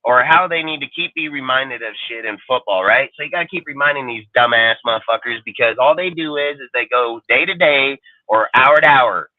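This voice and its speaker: A man's voice: medium pitch, brisk, few pauses, dry recording. A man ranting about football in a fired-up, profane, repetitive way, as co-host of a live sports show. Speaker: podcast co-host. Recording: dry, tinny phone-like audio.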